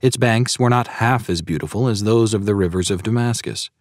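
A man's voice: lowish voice, fairly quick, no room sound, clean studio sound. A man narrating a sermon audiobook in an earnest, preaching tone and citing scripture verses.

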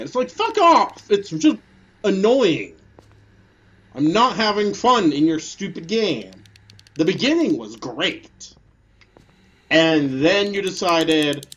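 A man giving let's play commentary on a horror game, swinging between muttered grumbles and angry yelled curses. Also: fairly high pitch, sing-song, a little slow, breathy edge, dull audio. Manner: swings from mutters and whispers to angry shouting, swears a lot. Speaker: gaming video host.

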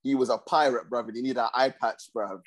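A man, his voice at an ordinary pitch. He talks in laid-back, slangy banter and holds his ground in arguments. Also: steady tone, brisk. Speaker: podcast co-host. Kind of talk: casual banter.

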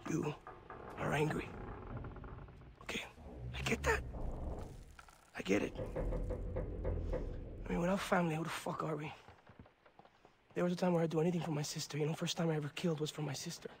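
An actor playing an unhinged, volatile male pirate warlord in a video game cutscene, mocking and menacing, swinging from soft coaxing to explosive shouting. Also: fairly high pitch, little pitch movement, a little fast, pauses often, close to an everyday voice. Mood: ranting. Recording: noisy game audio with roomy reverb.

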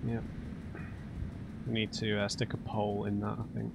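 A man commentating a blind gameplay run, chatty and self-mocking, often bursting into loud exclamations. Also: lowish voice, monotone, normal speed, creaky. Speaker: let's play host. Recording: noticeable background noise.

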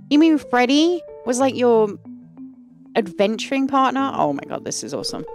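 A woman giving let's-play commentary on a farming game. She is excitable, gasps and gushes, and her pitch swoops widely. Faint game music plays beneath her voice. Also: moderate pace. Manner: excitable, gasping and gushing. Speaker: gaming channel host.

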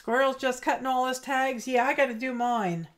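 A woman hosting a casual crafting livestream from her home studio, talking slowly and haltingly as she reads chat aloud. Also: sits high, fairly even intonation. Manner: slow, halting and heartfelt, reading chat aloud.

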